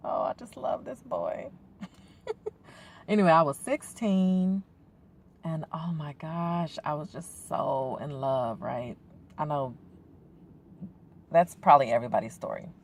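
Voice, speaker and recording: Woman, 40s, low voice; soft, teary personal storytelling for a faith vlog. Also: slight background noise. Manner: soft, reflective, emotional, with frequent ums and sighs. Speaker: faith vlogger.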